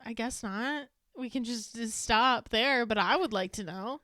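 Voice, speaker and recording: A woman co-hosting a podcast, chatting casually and in an animated way, recounting scenes with asides. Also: a little high, unhurried, no room sound, studio quality. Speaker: podcast co-host. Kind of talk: casual movie chat.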